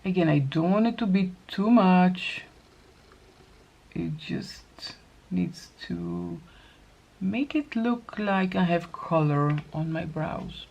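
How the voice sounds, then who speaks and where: A middle-aged woman with a low, gravelly voice talks through her makeup in an unhurried way. It is a casual get-ready-with-me chat in which she thinks aloud as she works. A faint hiss sits behind her. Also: a little mellow. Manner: chatty, thinking aloud while applying makeup. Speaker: makeup vlogger.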